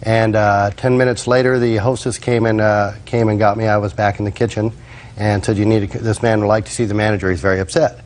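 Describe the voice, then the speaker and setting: Male witness, courtroom testimony, hesitant with fillers, lowish voice. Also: flat delivery, fairly quick, darkish tone. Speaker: restaurant manager, witness.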